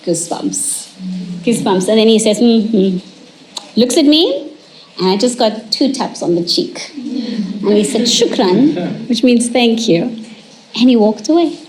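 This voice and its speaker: A woman, an educational psychologist, telling a story to an audience and acting out the dialogue. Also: fairly high pitch. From South Africa. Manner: animated, acts out quoted dialogue.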